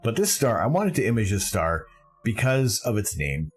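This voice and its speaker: A man from Canada with a deep, low voice hosts a live stream in a relaxed, chatty way. He rambles eagerly and restarts his sentences often. Faint music plays quietly in the background. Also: normal speed, husky. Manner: enthusiastic, rambling, self-correcting. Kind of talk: casual live-stream commentary.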